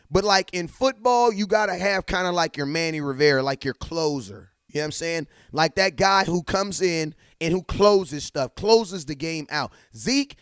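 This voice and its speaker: A young man hosts a sports fan livestream from home, hyped and full of slang, calling out viewers in his chat one by one. His voice sits a little high and comes across smooth. The sound is dry and close to a desk mic. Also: no echo. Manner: hyped, slangy, talks straight to chat with shout-outs. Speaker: livestream sports talk host. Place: home setup at a computer.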